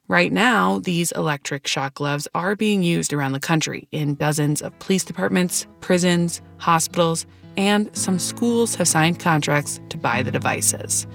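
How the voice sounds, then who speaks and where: Gravelly-voiced woman news reporter. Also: on the low side, a little slow, no room sound, soft background music.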